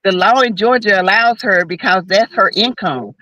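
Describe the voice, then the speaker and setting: A woman's voice: medium pitch, moderate pace, bright, forceful tone, no echo, rough recording. A woman co-hosting a casual chat show, blunt and opinionated, humming agreement while others talk. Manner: blunt, opinionated, lots of backchannel hums. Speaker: co-host.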